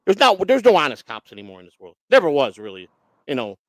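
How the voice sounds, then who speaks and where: A man speaks in a rapid, pitched-up rush, bluntly telling his own story as a guest. He swears constantly and slips into the voices of the people he quotes. His voice sounds close and dry. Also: wildly swooping pitch, fairly bright tone, no echo. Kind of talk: casual profane storytelling.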